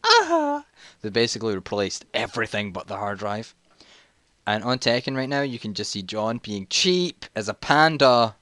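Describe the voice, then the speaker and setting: A man's voice: lowish voice, moderate pace, fairly bright tone, no echo. Rambling guy telling a story. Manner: rambling, jokey, easily sidetracked. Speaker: vlogger. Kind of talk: casual storytime while playing a video game.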